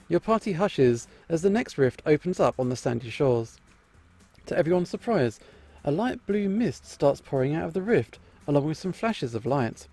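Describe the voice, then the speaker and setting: Gravelly man reading a game aloud. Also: fairly high pitch, sing-song, normal speed, dark tone, no echo, faint music behind. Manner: playful, amused asides. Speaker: game streamer. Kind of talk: reading a visual novel aloud with commentary.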